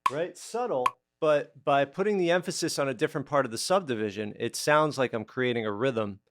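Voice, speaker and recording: A man's voice: mid-range voice, brisk. A man giving a casual guitar lesson, explaining rhythm and counting beats aloud while he plays. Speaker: guitar teacher. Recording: loud guitar playing under the voice.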